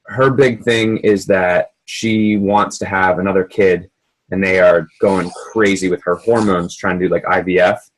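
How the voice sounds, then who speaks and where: A man, a gym coach, chatting casually and telling a story about a client in a quick, lively way. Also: low-pitched, a little hiss or hum, rough recording. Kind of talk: casual podcast discussion.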